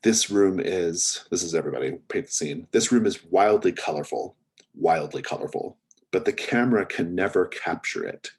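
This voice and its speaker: A man's voice: low voice, expressive, moderate pace, breathy edge. A man narrating as game master of a tabletop role-playing game, rambling with many fillers and restarts.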